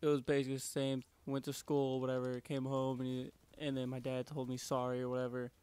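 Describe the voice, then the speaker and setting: A man's voice: medium pitch, completely flat delivery, brisk, darkish tone, smooth. A young man casually telling a story to camera, full of slang, swearing and fillers like "like" and "dude". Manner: slangy, profane, keeps saying like and dude. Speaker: vlogger.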